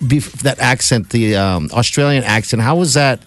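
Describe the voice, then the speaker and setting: A man's voice: medium pitch, normal speed, no echo, soft background music. A man hosting a casual morning radio show, playful and self-mocking, laughing easily at himself.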